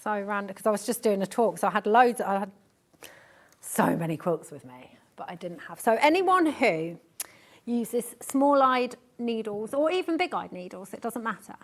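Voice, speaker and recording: A woman walks viewers through a sewing demonstration on a live TV studio show. She explains each step and adds chatty asides as she goes. Her voice sits at an ordinary middle pitch. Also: expressive, moderate pace.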